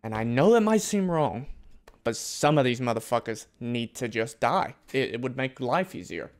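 Brash young guy, casual game commentary, swears a lot, mid-pitched voice. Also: sing-song, normal speed. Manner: brash, joking, swears often, talks back to the game. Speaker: gaming video host.

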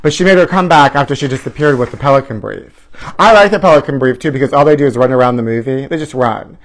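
A man's voice: mid-range voice, quick pace. A man hosting a live celebrity gossip stream. He talks in a campy, theatrical way, calls viewers honey and trashy, and swoops up into mock outrage.

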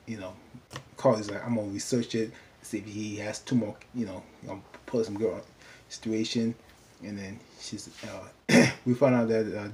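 A man's voice: on the low side, mellow, a little hiss or hum. A man casually recapping a TV episode in a loose, rambling way, filling his talk with "you know.". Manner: chatty, loose, full of "you know" fillers.

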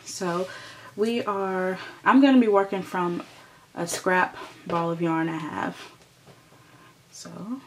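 A woman's voice: lowish voice, fairly even intonation, slow, long pauses, background noise. A woman hosting a crochet tutorial, patiently explaining each step and counting stitches aloud as she works.

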